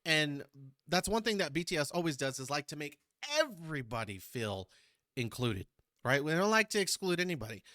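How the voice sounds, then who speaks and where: A man's voice: fairly high pitch, expressive, moderate pace, pushed and bright, no echo, studio quality. A man from Texas, hosting a casual reaction video in a chatty, rambling way and searching for words. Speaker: YouTube reaction host.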